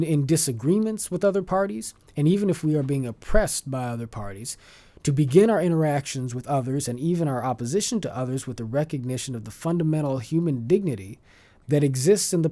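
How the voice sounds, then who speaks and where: Guy on a podcast talking politics, mellow warm voice, really measured, long winding sentences. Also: a little high, animated. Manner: occasional restarts while searching for phrasing. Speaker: podcast guest. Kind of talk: conversational interview.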